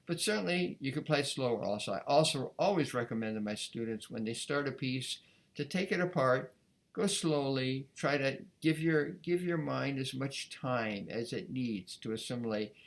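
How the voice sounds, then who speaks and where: Man teaching violin, relaxed explaining. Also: medium pitch, normal speed, vocal fry. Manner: gentle, explanatory, with repeated restarts and sung counting. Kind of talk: casual instructional talk.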